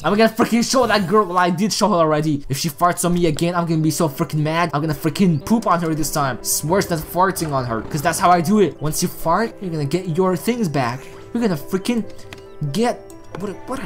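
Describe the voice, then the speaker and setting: Woman, let's-play commentary, excitable, chatty, very lively pitch, faint game music behind. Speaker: gaming channel host.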